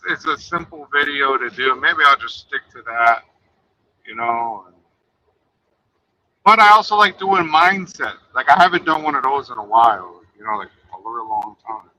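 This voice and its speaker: Bright-voiced man mumbling along. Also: mid-range voice, expressive, normal speed, rough recording. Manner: mumbling, trailing off, profane. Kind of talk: casual podcast chat.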